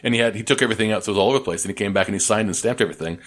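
A Canadian man chatting casually, telling rambling stories and getting animated when he quotes other people. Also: lowish voice, very fast. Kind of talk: casual chat.

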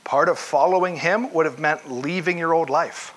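A man with a bright, somewhat high voice preaches in a church. He keeps it conversational and puts questions to the congregation as he goes. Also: moderate pace. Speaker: pastor. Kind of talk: sermon.

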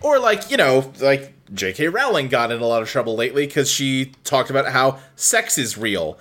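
Male podcast host, bright tone, animated, restless casual delivery. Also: mid-range voice, moderate pace. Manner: animated, filler-heavy, frequent restarts.

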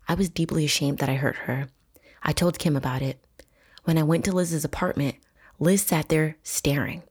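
A woman hosting a true crime podcast, reading book passages aloud with profane asides and dramatic shouting. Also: low-pitched, slightly rough. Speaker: podcast host.

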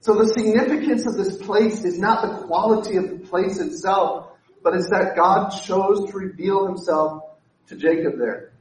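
A male pastor preaching a lively sermon, full of joking asides and repeated words. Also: high-pitched, moderate pace, recorded from a distance, a little hiss or hum. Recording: echoey room, speaker away from mic.

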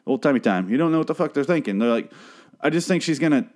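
A man's voice: fairly high pitch, lively intonation, fast, a little mellow. A man casually recapping a TV episode, rambling and sarcastic, swearing often. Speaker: show recap host.

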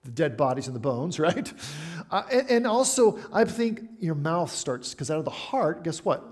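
A middle-aged pastor preaches a sermon in an easygoing, conversational style, animated and throwing questions and asides to the congregation. His slightly high voice swings widely in pitch at a moderate pace.

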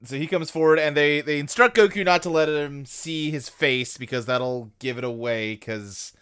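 A man's voice: a little high, normal speed, a bit bright, clean tone. A man co-hosting a casual podcast, chatty and joking as he recaps, with lots of fillers. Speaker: podcast co-host.

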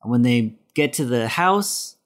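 A man's voice: mid-range voice, expressive, slow. A man hosting a casual podcast, recapping a film plot in a rambling way with many fillers. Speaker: podcast host.

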